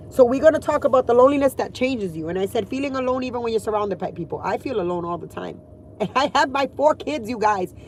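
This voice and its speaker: A woman's voice: on the high side, darkish tone, slight background noise. A woman in her forties talking candidly and emotionally in a casual vlog from inside her car, swearing freely. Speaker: vlogger.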